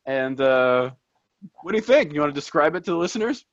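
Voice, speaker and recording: A man whose first language is Portuguese, co-hosting a podcast and telling stories in a chatty, animated way with lots of restarts. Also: a little high, a little fast, no echo. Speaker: podcast co-host. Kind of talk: casual chat. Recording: dull, dry lo-fi sound.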